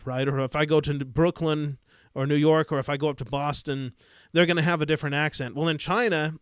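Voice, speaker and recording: A man's voice: on the high side, clean tone, dry recording, clean studio sound. Easygoing Midwestern man on a livestream. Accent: Midwestern American. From United States. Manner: rambling, easygoing, frequent fillers and soft chuckles. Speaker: livestream host. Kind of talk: casual live-stream chat, reading viewer comments.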